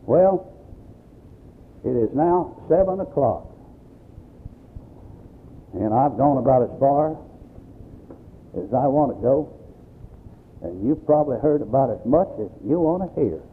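Male pastor, emphatic preacher, animated delivery, husky tone, lo-fi tinny recording. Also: medium pitch, takes it slowly, pauses often. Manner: emphatic preaching, quoting scripture. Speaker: Baptist pastor. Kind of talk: sermon. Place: church service.

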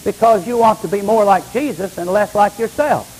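An older man, a pastor, preaching a sermon with emphatic delivery, dropping to hushed lines and rising to loud ones. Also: high voice, normal speed, a little hiss or hum, low-quality recording.

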